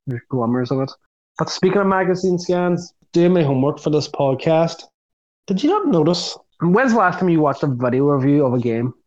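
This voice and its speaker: Chatty man, slightly high voice. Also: big pitch swings, a little mellow. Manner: rambling, quick to laugh. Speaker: podcast co-host. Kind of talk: casual chat. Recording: dull lo-fi sound.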